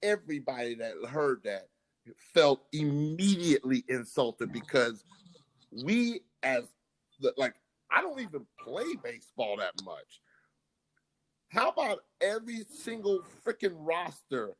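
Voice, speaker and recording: A man's voice: fairly high pitch, very animated, measured pace, poor audio. A man co-hosting a sports podcast, ranting in exasperation and tripping over repeated words. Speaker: podcast co-host. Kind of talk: heated casual sports chat.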